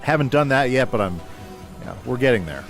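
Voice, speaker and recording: Lively-voiced man chatting on a livestream. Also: mid-range voice, brisk, faint music behind. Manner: relaxed, reads chat aloud and replies, talks through his moves. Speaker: gaming livestreamer. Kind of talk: casual chat with live chat while gaming.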